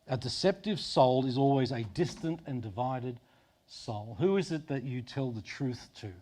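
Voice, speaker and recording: A middle-aged Australian pastor preaching a sermon in a conversational way, dropping to soft low tones for emphasis. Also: male voice, expressive, moderate pace. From Sydney, Australia.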